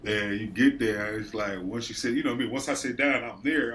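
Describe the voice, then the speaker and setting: A man's voice: mid-range voice, normal speed, hardly any pauses, a bit bright. Male co-host, late thirties; loose, profane storyteller who acts out coworkers; mid-range voice, faint background noise. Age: late 30s. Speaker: podcast co-host. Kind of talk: casual chat.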